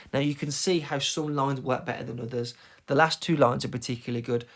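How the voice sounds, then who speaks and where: A man's voice: mid-range voice, steady tone, brisk. A male teacher, explaining a recorded lesson in an emphatic way and checking in often with "okay?". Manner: emphatic, tapping out rhythms, frequent "okay?" check-ins. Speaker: English teacher.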